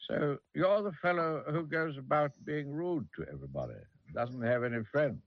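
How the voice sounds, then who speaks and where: Guy playing a bossy stately goblin king, lecturing, raised a bit high, dull old cartoon audio. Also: lively intonation, normal speed, no echo. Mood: stern. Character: stern, regal king of the goblins.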